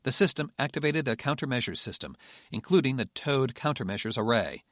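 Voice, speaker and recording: A man's voice: medium pitch, lively intonation, a little fast, fairly bright tone, dry recording, clean studio sound. Man narrating a thriller audiobook. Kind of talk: scripted narration.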